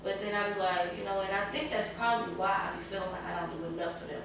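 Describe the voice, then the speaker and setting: Woman guest, emotional and candid, sitting back from the mic in a roomy space with steady background noise. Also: mid-range voice, fast talker. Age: adult parent. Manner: candid, tearful at times, colloquial. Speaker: podcast panel guest. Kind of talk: emotional casual panel talk. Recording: echoey room, far from the mic, clear room noise.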